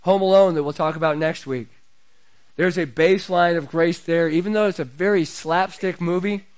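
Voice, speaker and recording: Middle-aged male pastor, high voice, chatty sermon that swells in volume. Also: fairly even intonation, normal speed, smooth. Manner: conversational preaching, builds in pitch and loudness.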